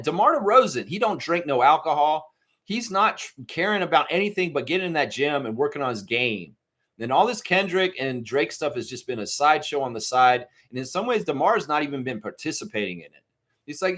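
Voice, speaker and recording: Fairly high-pitched and fairly quick, a man runs a live stream where he reads viewers' comments, answers them casually, and breaks into animated mockery, impressions and shouts.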